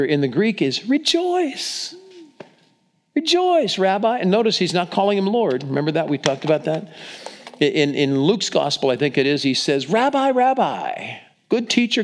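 A man preaching a sermon, retelling the scripture vividly and stumbling over restarts. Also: fairly high pitch. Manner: storytelling, dramatizes quotes with acted voices; frequent restarts and repetitions.

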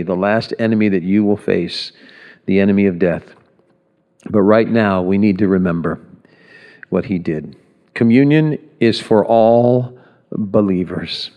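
A male pastor praying and preaching a conversational sermon before communion, earnest, with pauses and restarts. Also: on the low side. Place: large church hall. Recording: echoey hall reverb.

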